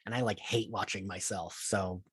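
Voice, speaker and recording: A young man hosting a podcast interview in casual chat, lively and saying "like" often. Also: sits low, normal speed, husky, dry recording. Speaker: podcast host.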